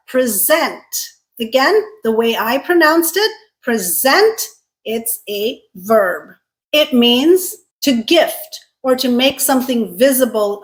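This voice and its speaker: A woman teaching English pronunciation, speaking slowly and carefully, stressing syllables to contrast word pairs. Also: a little high, fairly bright tone, rough recording. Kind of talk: scripted teaching.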